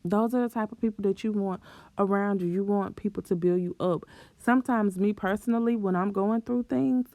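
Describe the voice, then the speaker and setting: A woman's voice: mid-range voice, fairly quick, mellow, dry recording. A young woman vlogger giving self-esteem advice in a chatty, encouraging way, often breaking into laughter and playful exclamations. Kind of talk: casual advice talk to camera.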